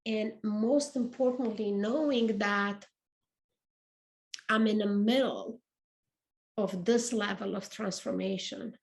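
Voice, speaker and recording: A woman's voice: mid-range voice, slow pace, long pauses. A middle-aged woman with a non-native English accent, hosting a podcast as a casual motivational monologue, earnest and reflective, often repeating and restarting phrases. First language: not English. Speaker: podcast host. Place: apartment.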